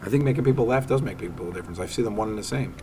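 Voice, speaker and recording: With a lowish, racing voice and slight background noise, the man is a comedian guest from Staten Island. In casual interview talk he narrates with energy, voicing the quotes as he goes.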